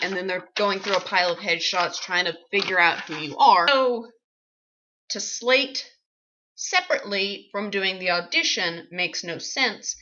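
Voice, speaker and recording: A woman actress telling a comic personal story, animated and wry, with sarcastic asides. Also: mid-range voice, moderate pace, lo-fi sound.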